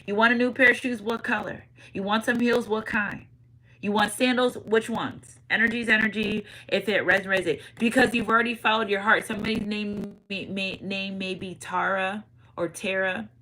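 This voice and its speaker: A woman giving a casual spiritual tarot reading, animated and repeating catchphrases, swinging between loud and hushed. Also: medium pitch, moderate pace, low-quality recording. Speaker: tarot reader.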